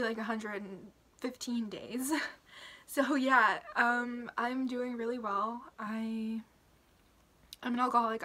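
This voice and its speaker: A young woman talking through a personal update to her camera, halting and emotional, with many fillers and restarts, sometimes sinking to a whisper. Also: fairly high pitch. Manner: soft, drops into whispers. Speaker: vlogger. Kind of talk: personal recovery update vlog.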